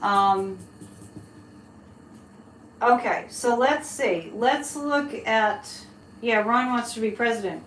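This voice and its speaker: Woman doing a live tarot stream, kinda high voice, rambly and laughy, echoey room w faint hiss. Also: slow pace, long pauses, a bit bright. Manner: chatty, laughing, rambling asides to chat. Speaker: psychic reader hosting a live stream.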